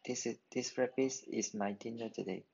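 A man voicing a greedy, lazy farmer in a folk tale, speaking in simple halting words. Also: mid-range voice, fairly even intonation, vocal fry, a little mellow, breathy edge, highs cut off. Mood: pleased. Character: greedy, lazy male farmer hoping for easy luck.

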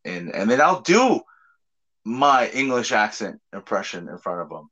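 A man's voice: lowish voice, big pitch swings, moderate pace, sharp tone. A man co-hosting a podcast in casual chat, rambling and laughing often. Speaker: podcast co-host. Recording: dull lo-fi sound.

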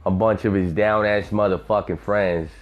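A man's voice: lowish voice, steady tone, moderate pace, dull audio. A man hosting a podcast, telling profane stories in a rambling, casual monologue. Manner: profane, rambling storyteller, acts out voices. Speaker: podcast host.

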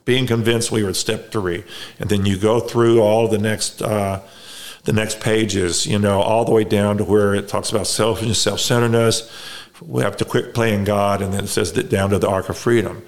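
A middle-aged man telling his recovery story as a podcast guest, halting and reflective, with many restarts. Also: fairly low pitch, level tone. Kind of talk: casual conversation.

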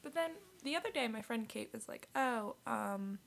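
Husky-voiced young woman telling a story. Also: sits high. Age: young adult. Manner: chatty storytelling, heavy use of "like", quick to laugh. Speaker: podcast co-host. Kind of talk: casual chat.

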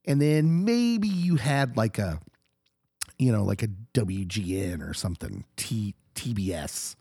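A middle-aged man who co-hosts a podcast, talking casually while hoarse and husky from a recent illness, animated and laughing often. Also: fairly low pitch, a little slow, dry recording, clean studio sound. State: hoarse, getting over an illness. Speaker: podcast co-host, pastor.

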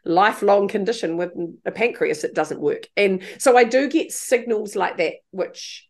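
A middle-aged woman appears as a podcast guest, telling stories in casual chat, swearing freely and acting out the lines she quotes from herself. She speaks at normal speed in a mid-range voice.

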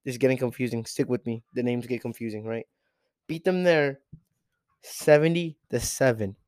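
A teenage podcast host delivers an exasperated, profane solo sports rant full of repeated rhetorical questions. He speaks at a moderate pace in a mid-range, darkish, clean voice, recorded in clean studio sound without room noise.

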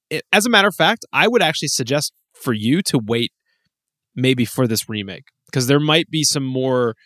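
A man's voice: medium pitch, a bit bright, no echo, studio quality. A man co-hosting a casual gaming chat, laughing often and swearing freely. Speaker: podcast co-host.

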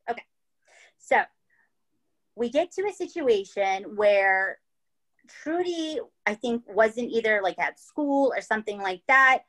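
A woman's voice: mid-range voice, a bit bright, poor audio. A woman hosting a podcast, telling a true-crime story in a casual, chatty way, swearing freely and often checking in with "right?" and "okay?". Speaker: podcast host.

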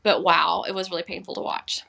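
A woman co-hosting a podcast in casual chat, animated and acting out quoted lines. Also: on the low side, brisk, vocal fry. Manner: animated, acts out quoted dialogue. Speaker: podcast co-host.

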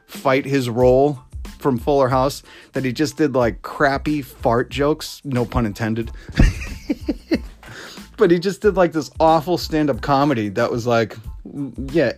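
A man from Boston hosting a podcast, ranting in a casual, sarcastic and exasperated way and mocking others by quoting them. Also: medium pitch. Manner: mock-quotes others in put-on voices. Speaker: podcast host. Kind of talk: casual opinion rant.

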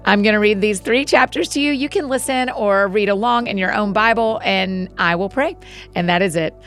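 A woman hosting a podcast, greeting listeners warmly and then reading scripture aloud at a steady pace. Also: medium pitch, moderate pace, soft background music. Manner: friendly, encouraging intro then steady reading.

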